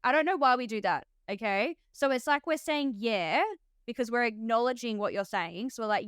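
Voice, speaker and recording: Chatty Australian woman, bright smooth voice. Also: on the high side, normal speed, no room sound, clean studio sound. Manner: chatty, laughs often, lots of "like". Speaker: podcast host, nurse. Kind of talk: casual podcast chat.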